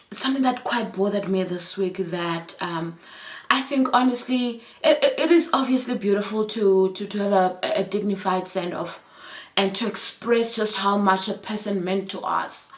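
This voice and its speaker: In a reflective chat vlog, a woman in her thirties speaks earnestly and from the heart in a mid-range pitch. Now and then she pauses on fillers and restarts her phrases.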